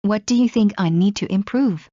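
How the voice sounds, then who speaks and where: A woman reading common English phrases aloud one by one in a clear, measured way, as in a language lesson. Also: mid-range voice, dark tone, no echo. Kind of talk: slow read-aloud phrase drills. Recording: dull lo-fi recording.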